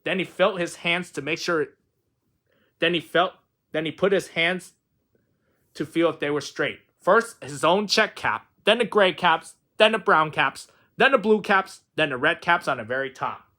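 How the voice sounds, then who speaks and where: A man's voice: fairly high pitch, unhurried, sharp tone. A man reading a children's picture book aloud in a sing-song, playful storytelling manner. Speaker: storybook reader.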